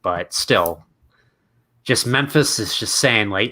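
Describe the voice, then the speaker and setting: A man's voice: lowish voice, animated, slow, pauses often, pushed and bright. A man co-hosting a casual recap show over an online call, rambling and hedging as he talks. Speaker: podcast co-host.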